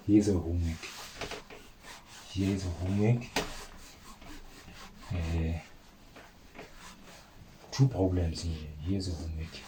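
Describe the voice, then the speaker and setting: Slow, low-voiced maths tutor. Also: male voice, steady tone, noisy background. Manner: chatty, addresses viewers as guys, repeats himself. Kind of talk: informal maths lesson.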